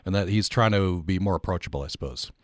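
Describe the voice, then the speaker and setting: Low-voiced male radio host. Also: fast, dry recording, clean studio sound. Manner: conversational, wry, chatty. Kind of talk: radio interview and call-in hosting.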